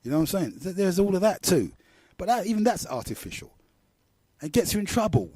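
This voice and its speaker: Middle-aged London radio host, rambling and slangy, warm low-key tone, dry close sound. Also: male voice, big pitch swings, a little fast, slightly rough, no room sound. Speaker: radio talk show host. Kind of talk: casual monologue.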